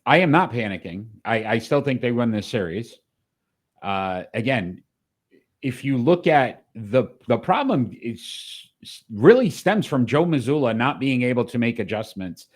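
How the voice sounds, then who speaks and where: A man's voice: mid-range voice, very animated, unhurried. A man hosting a live sports talk show, with an upbeat, announcer-like delivery.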